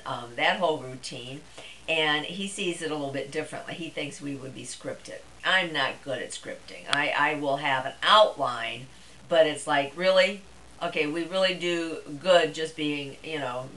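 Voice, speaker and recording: A woman's voice: deep voice, sharp tone, low-quality recording. A middle-aged woman vlogger talking to camera in a chatty, rambling way, with plenty of fillers. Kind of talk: casual monologue to camera.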